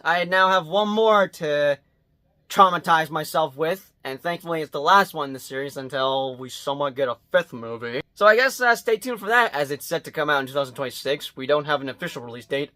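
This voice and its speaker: Animated, profane man reviewing movies. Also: fairly high pitch. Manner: animated, dramatic swings from loud outbursts to muttered asides; blunt and profane. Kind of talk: casual movie review vlog.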